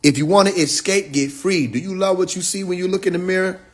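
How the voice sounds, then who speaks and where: A man's voice: high-pitched, fast. A man talking casually to his followers on a livestream, telling stories with slang, acting out quotes, laughing often and speaking straight to his listeners. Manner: slangy storytelling with acted quotes.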